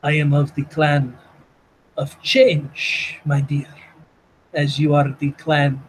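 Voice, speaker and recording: A pompous, courtly male vampire zealot, as a man puts him on for a tabletop game. He speaks slowly and grandly in a slightly high voice, with faint room noise behind. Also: level tone, poor audio. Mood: grandiose. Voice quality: pompous, formal, drawn-out.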